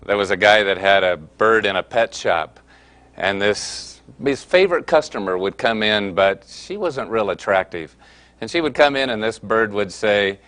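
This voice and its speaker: A man's voice: lowish voice, moderate pace. Earnest man teaching a marriage class. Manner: earnest, folksy, lively storytelling. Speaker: counselor and teacher of a marriage course. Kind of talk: teaching session with storytelling.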